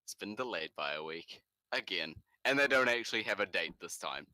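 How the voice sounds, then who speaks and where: Man, young, from New Zealand, lively pitch, dry close sound. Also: fairly quick, no echo. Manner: animated, jumps into high shouts for quoted lines. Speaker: podcast co-host. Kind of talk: casual storytelling.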